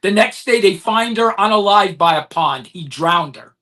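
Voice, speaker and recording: A man's voice: high-pitched, animated, moderate pace, pushed and bright. A man co-hosting a podcast, talking emphatically and getting heated in casual chat. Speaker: podcast co-host.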